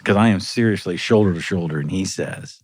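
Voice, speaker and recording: A man in his sixties, a musician, telling a lively anecdote on a podcast and chuckling between lines. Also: low-pitched, fairly quick, breathy edge, no echo, clean studio sound. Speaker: musician guest.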